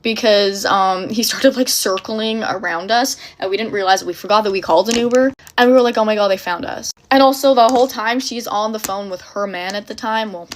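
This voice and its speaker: A young woman casually telling a dramatic story in an animated, breathless way, full of fillers. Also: mid-range voice, brisk, hardly any pauses.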